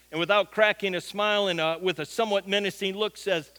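A man's voice: sits high, steady tone, a little fast, hardly any pauses, bright, forceful tone. A middle-aged man, a pastor, telling a folksy anecdote during a sermon. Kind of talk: sermon storytelling.

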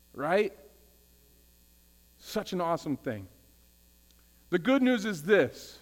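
A man, the senior pastor, preaching a casual, energetic sermon and trading call-and-response with his congregation. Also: high-pitched, slow pace, pauses often. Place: church sanctuary. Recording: long hall reverb with mains hum.

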